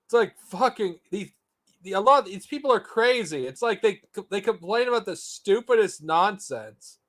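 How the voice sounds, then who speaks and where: A man's voice: high voice, lively intonation, normal speed, fairly bright tone. A man streaming casually, profane and incredulous as he reacts to a clip. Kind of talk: casual live stream chat.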